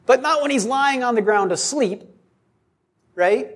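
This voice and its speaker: A man preaching a sermon, speaking deliberately with frequent rhetorical questions and acted-out quotes. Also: very high-pitched, animated, a bit bright.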